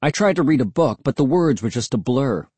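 A man narrating a first-person storybook in an expressive, tense storytelling manner. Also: mid-range voice, brisk, slightly rough, dry recording. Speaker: audiobook narrator.

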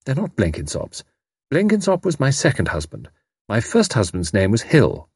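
A man reading an audiobook, voicing a lively, mischievous young woman spy who talks in a breezy, self-assured way. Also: mid-range voice, normal speed, husky, dry recording, clean studio sound, voice pushed up, heavily acted. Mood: playful.

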